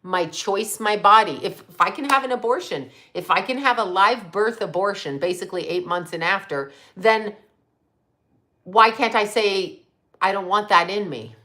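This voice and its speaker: A woman hosting a livestream, telling stories casually, animated, laughing often and swearing freely. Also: mid-range voice, normal speed. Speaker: livestream host.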